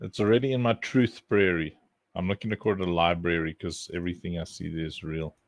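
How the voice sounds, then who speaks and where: A low, steady-voiced man speaks fairly quickly on a dry recording as he live streams. He mutters jokes and rambles to himself while clicking around, often chuckling.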